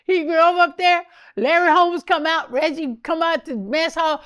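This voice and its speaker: An older woman as an interview guest, telling candid stories in an animated way, laughing often and acting out what others said. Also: extremely high pitch, measured pace. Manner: animated, laughs often, acts out quoted speech. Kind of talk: candid storytelling.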